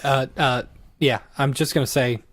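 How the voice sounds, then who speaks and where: A man's voice: medium pitch, fairly even intonation, moderate pace, a bit bright, dry recording. A man co-hosting a podcast in casual chat, easygoing and joking, often giving short agreeing replies. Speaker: podcast co-host.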